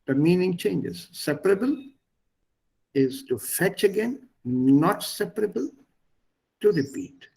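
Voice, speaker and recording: Husky man teaching German. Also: sits high, very animated, takes it slowly, long pauses, warm tone, rough recording. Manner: explains patiently, repeats words and stresses for learners. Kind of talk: online language lesson.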